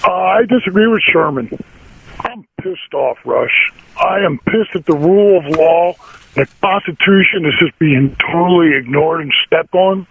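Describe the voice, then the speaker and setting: A man's voice: sits high, slightly rough. A man in his sixties calling in to a talk radio show, indignant and blunt, firing off short repeated questions. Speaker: caller. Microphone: telephone. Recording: tinny phone line.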